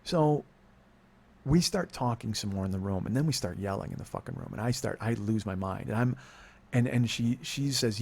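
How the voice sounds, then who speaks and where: A gravelly, slightly rough, somewhat mellow voice at medium pitch belongs to a middle-aged Californian podcast host speaking briskly and with animation. He tells a long, profane, rambling personal story as a confessional monologue, often breaking off mid-sentence.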